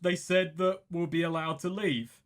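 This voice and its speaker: A man's voice: a little high, fairly even intonation, faint music behind. A man playing a tabletop role-playing game, chatting casually and correcting himself mid-thought. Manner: rambling, self-correcting, quick asides. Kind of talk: casual in-character table talk.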